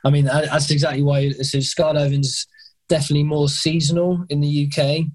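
A man's voice: a little high, level tone, fairly quick, darkish tone. Hesitant English man in casual chat. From England. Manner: hesitant, repeats words often. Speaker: guest. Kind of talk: casual conversation.

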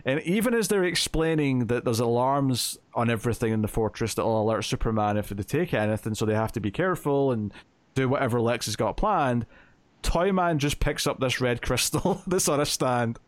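A man's voice: medium pitch, animated, brisk, no echo. A man co-hosting a podcast, casually recapping a comic book plot with lots of fillers and quoted lines. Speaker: podcast co-host.

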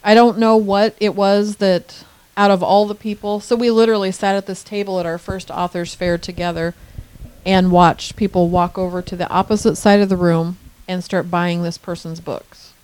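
A middle-aged woman co-hosting a casual podcast, animated and quick to laugh. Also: mid-range voice, clean tone, dry recording. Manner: animated, laughs often, acts out her own thoughts. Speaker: podcast co-host. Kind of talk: casual chat.

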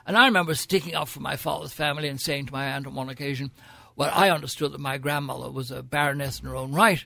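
Older Irish gent with a grand upper-class accent, gravelly and bright, wry raconteur, dry studio sound. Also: male voice, medium pitch, fast. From Ireland. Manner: theatrical, wry storyteller. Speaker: guest, senator. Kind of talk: frank anecdotal interview. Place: radio studio.

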